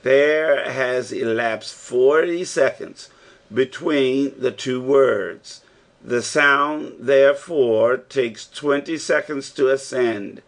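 A man's voice: mid-range voice, takes it slowly. A man reading an older male professor who gives firm, encouraging instructions, as an audiobook character. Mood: instructing.

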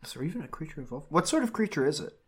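A man's voice: on the high side, big pitch swings, rapid-fire. A man playing a tabletop game in a casual, offhand way. He thinks aloud as he works out his moves and questions. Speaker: player.

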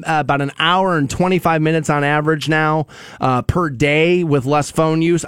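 A man's voice: fairly high pitch, dry recording, studio quality. A male radio show host telling a long personal story in casual morning talk, rambling with fillers and restarts. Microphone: studio microphone.

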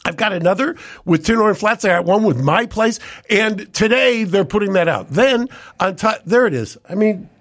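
A man's voice: high-pitched, expressive, normal speed, few pauses, fairly bright tone, dry recording. A man co-hosting a studio podcast, speaking in an emphatic, indignant way. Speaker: podcast co-host, lawyer. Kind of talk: casual talk-show banter.

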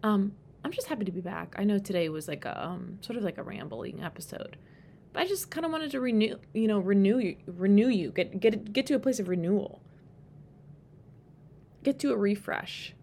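A woman talks straight into the mic as a podcast host, open, loose and rambling, with plenty of casual swearing. Her voice sits at a middle pitch, and she turns lively when she acts out her own past reactions. A soft, low rumble runs faintly underneath. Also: normal speed, creaky. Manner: candid and rambling, swears freely, animated when quoting herself. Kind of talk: casual solo podcast monologue.

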